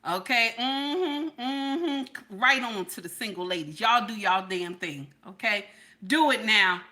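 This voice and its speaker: A middle-aged woman hosting a casual livestream chat, with a fairly high, bright and sharp voice. She talks to her viewers in an animated, playful way, laughs often and keeps checking in with "okay?". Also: slow. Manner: animated and playful, repeating herself with frequent "okay?". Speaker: livestream host.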